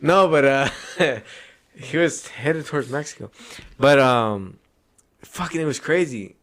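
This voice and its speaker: A man's voice: medium pitch, lively intonation, a little slow, fairly bright tone. Male podcast host, casual and profane, rambling storyteller.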